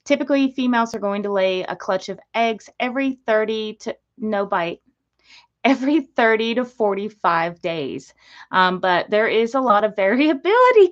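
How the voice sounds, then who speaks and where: A woman who breeds geckos hosts a casual livestream about them, speaking in a fairly high, expressive voice at a moderate pace over dull audio. She's chatty and easily distracted as she talks to viewers. She also baby-talks to her parrot.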